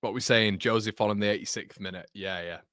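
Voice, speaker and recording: A man's voice: fairly low pitch, fairly even intonation, a little fast, fairly bright tone, no echo, clean studio sound. Giggling man calling a match. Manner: casual, chatty, keeps breaking into laughter. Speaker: host. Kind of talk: live football watchalong commentary.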